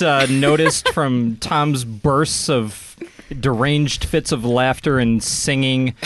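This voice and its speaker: A man's voice: mid-range voice, dry recording. A man hosting a casual podcast, loose and joking, often laughing mid-sentence. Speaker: podcast host.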